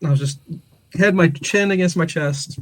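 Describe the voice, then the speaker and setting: A podcast host with a slightly higher voice tells a rambling story to his co-host. He is animated, laughs through his words and often starts over mid-sentence. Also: moderate pace. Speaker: father. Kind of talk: casual storytelling chat.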